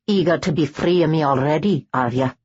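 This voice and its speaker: A woman voicing a curt, growling male Scottish Highland vampire warrior with a dry manner. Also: a little fast, a little mellow, highs cut off, slight background noise, lightly acted. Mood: gruff.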